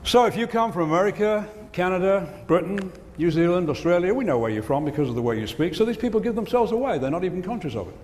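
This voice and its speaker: Delivering a comic business keynote, a man fires off jokes and punchlines at a quick pace, barely pausing. His high-pitched voice is animated and a little mellow. The conference hall echoes with faint ambience and slight background noise.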